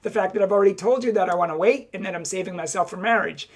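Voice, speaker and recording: A woman's voice: mid-range voice, very fast. Young woman, catholic advice talk to camera, emphatic, plays out both sides of the back and forth. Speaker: Catholic speaker.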